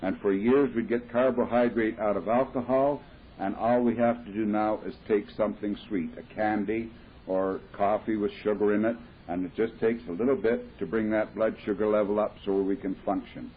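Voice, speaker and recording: A man's voice: lowish voice, fairly even intonation, normal speed, slight background noise. A man telling his story at a recovery meeting, talking plainly and explaining things with homely comparisons. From Midwestern United States. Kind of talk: personal talk at a recovery meeting. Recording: tinny 1970s tape of a talk.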